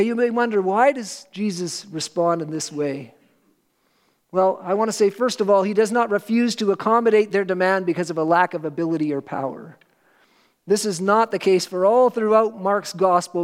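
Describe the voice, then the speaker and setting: A pastor preaching a sermon to a church congregation, earnest and emphatic, with slow, weighty pauses. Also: male voice, high-pitched.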